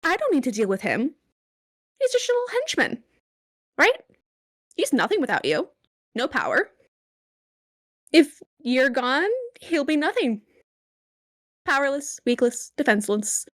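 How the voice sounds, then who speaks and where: A woman's voice: high voice, very animated, a little slow, long pauses, a bit bright, dry recording, studio quality, exaggerated voice. A woman playing Izzy, a defiant woman swordfighter, in a tabletop game. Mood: taunting. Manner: taunting.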